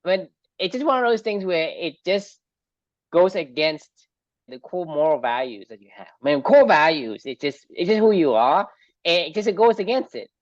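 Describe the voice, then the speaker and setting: A woman co-hosting a podcast, chatting casually in an animated, agreeable way. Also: lowish voice, moderate pace, no echo, dull audio. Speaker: podcast co-host.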